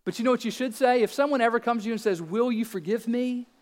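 A man's voice: extremely high pitch, fast talker, big-room sound. A man in his thirties preaching a sermon as pastor, earnest and emphatic, asking rhetorical questions.

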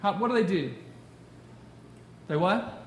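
A man preaching a sermon to a congregation, animated and conversational, often repeating words as he goes. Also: high-pitched, a little slow. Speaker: pastor. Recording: roomy hall sound.

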